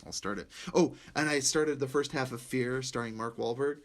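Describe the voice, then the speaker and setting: A young man co-hosting a podcast, chatting casually and excitedly about movies, rambling and laughing often. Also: medium pitch, normal speed. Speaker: podcast co-host.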